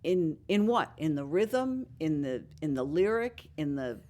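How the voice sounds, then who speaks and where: A woman hosting a radio talk show, introducing and interviewing a guest with measured, friendly questions. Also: low voice, very animated, dark tone. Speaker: radio host.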